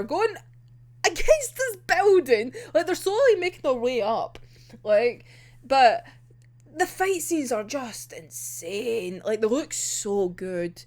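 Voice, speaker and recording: A woman giving an emotional, excitable casual recap of a manga volume, swearing and acting out characters' lines. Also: fairly high pitch. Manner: emotional, swearing, laughing and groaning over the story; acts out characters' lines in quick quoted asides. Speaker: manga reviewer.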